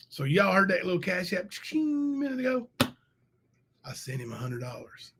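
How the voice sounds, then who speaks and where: A man's voice: high-pitched, very animated, normal speed, fairly bright tone, husky. A man hosting a casual livestream, thanking viewers and ranting heatedly. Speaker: livestream host.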